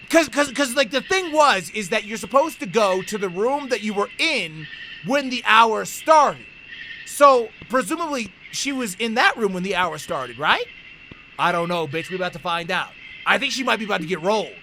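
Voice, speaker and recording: A man doing excitable, profane horror game commentary, reading game text aloud between outbursts and shouts. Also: sits high, normal speed, a little hiss or hum. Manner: excitable, swears a lot, bursts into shouts. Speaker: let's play gamer.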